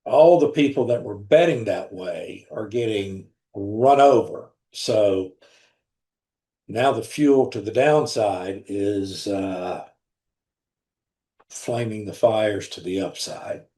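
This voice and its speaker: Slow, blunt man giving market commentary. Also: lowish voice, warm tone. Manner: deliberate, repeats words, frank and blunt. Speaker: trading room host. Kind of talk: live market commentary over charts. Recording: roomy echo.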